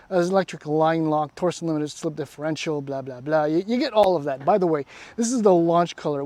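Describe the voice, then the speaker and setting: Man in his forties, rambling wry car review, higher-pitched voice, dry close sound. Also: darkish tone, no echo. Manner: rambling, wry, self-deprecating, trails off. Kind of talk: casual car review walkaround. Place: outdoors beside a parked car.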